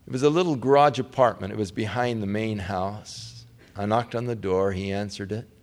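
At a moderate pace, a man preaches a sermon built around a personal story, shifting between hushed, low passages and raised, heartfelt moments.

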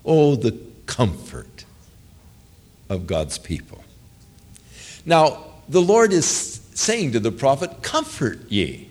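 A man's voice: mid-range voice, wildly swooping pitch, slow pace, long pauses, a little mellow. A male pastor preaching a sermon, telling stories earnestly and with emphasis.

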